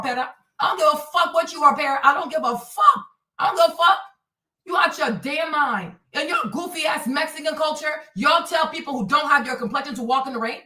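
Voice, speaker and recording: A woman's voice: high-pitched, sharp tone, far from the mic. A woman hosting a livestream, ranting in an angry, profane, repetitive way as she answers her chat. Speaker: livestream host. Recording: echoey room, voice off-mic.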